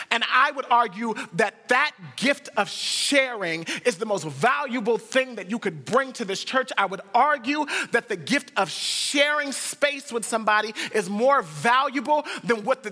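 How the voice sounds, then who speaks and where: A man from the United States preaching, his voice high and bright, ringing out with a long hall reverb. He tells stories and moves from hushed lines to excited bursts. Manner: storytelling, swings from hushed to excited. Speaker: pastor. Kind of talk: sermon.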